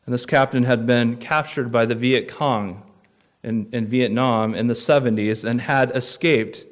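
A pastor with a medium-pitched, steady voice preaches a sermon at a measured pace, telling stories. He drops to a near hush for tense moments before rising again for emphasis.

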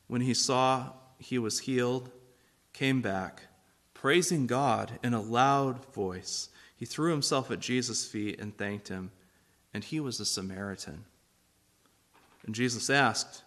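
A man preaching a sermon, reading scripture and asking the congregation questions in an animated way. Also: mid-range voice. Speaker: pastor.

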